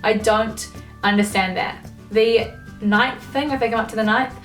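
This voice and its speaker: A woman's voice: a little high, steady tone, moderate pace, fairly bright tone, faint music behind. A young woman, ranting casually to camera, swearing often and leaning on fillers. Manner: swears a lot, filler-heavy, exasperated. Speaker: vlogger. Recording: echoey room, mic at a distance.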